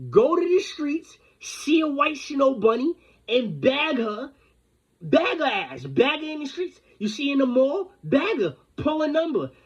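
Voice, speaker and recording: A man's voice: very high voice, sing-song, unhurried. A man delivering an angry, rambling, confrontational rant full of profanity. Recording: dull lo-fi recording.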